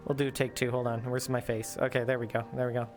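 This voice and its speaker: A man's voice: medium pitch, little pitch movement, fast, faint music behind. A man streaming casually, joking around with friends on a desk microphone. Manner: playful, jumps into silly voices.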